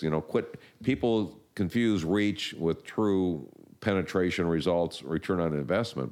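Older male interview guest, deep voice, casual and rambling. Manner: rambling, animated storytelling with restarts. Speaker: marketing guest.

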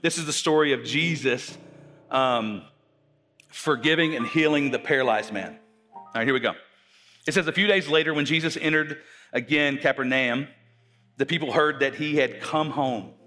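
A man's voice: mid-range voice, normal speed, bright, forceful tone, in a large hall, faint music behind. A man preaching to his congregation, often repeating his words and asking the audience questions. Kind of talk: sermon.

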